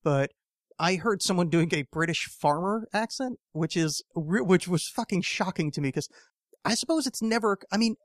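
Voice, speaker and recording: A man's voice: high-pitched, lively intonation, normal speed, no echo, studio quality. A man hosting a casual solo podcast, rambling and swearing often, with lots of fillers and restarts. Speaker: podcast host.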